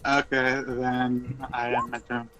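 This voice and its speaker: A man's voice: mid-range voice, completely flat delivery, slow pace, sharp tone, soft background music. Brief: male player, mid voice, plain questions. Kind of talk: declaring actions in a tabletop game.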